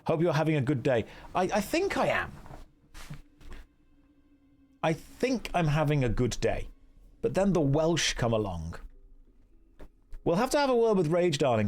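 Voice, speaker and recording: Lively English man streaming a game. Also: on the high side. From England. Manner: chatty, wry and teasing, thanks donors warmly. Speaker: streamer playing an online game. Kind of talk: casual live-stream chat, reading out viewer messages.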